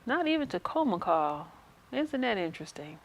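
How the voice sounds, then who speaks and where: Frank chatty woman with gravelly voice. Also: medium pitch, sing-song, moderate pace, slight background noise. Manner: frank, chatty, answers chat questions aloud. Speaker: host. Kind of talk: casual live-stream chat.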